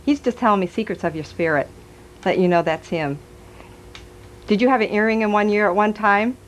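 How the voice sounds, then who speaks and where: A woman's voice: medium pitch, a little fast, a little hiss or hum, poor audio. A woman giving a live stage reading as a psychic medium, chatty and giggly, passing on messages aloud.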